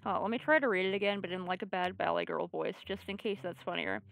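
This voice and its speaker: A woman's voice: mid-range voice, sing-song, a little fast, creaky, few pauses, fairly bright tone. A woman streamer reading a video game aloud and playing it, with playful joking asides.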